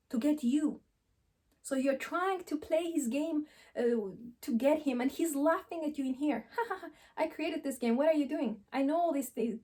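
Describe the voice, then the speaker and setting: A woman coach speaks seated to camera, mellow and a touch high in pitch. She talks emphatically, hammering the same phrases again and again. She throws out rhetorical questions as she advises. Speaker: relationship coach. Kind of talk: direct advice monologue to camera.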